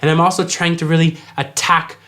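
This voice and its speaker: A man teaching worship vocals, explaining clearly and singing short examples. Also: fairly high pitch, level tone, fairly quick, bright, forceful tone. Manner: clear, instructive, demonstrates by singing. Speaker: vocal coach. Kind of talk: vocal tutorial with sung examples.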